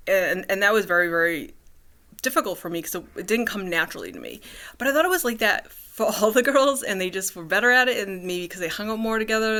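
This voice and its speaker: A woman talks straight to the camera in a loose personal vlog. Her voice is bright and forceful and sits fairly low. She rambles, restarts her sentences and fills gaps with "um" and "like.". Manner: rambling, many fillers and restarts. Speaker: vlogger.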